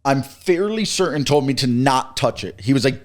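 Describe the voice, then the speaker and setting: A man's voice: mid-range voice, moderate pace. A young man in his twenties chatting casually. His voice sits in a middle register, and he tells stories at an easy pace, slipping into the voices of the people he quotes. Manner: relaxed storytelling with quoted dialogue. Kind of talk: casual chat.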